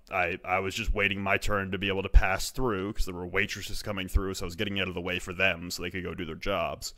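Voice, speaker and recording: A young Canadian man, an esports broadcaster, telling a story in casual chat and swearing a lot. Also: low voice. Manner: swears a lot, animated retelling.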